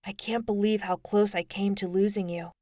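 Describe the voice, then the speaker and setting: Woman voicing a soft-spoken, caring teen boy, dry close read, little change from narration. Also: mid-range voice, steady tone, normal speed, no echo, lightly acted. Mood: tender. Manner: soft, comforting. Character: teenage boy, tender and reassuring. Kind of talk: audiobook character voice.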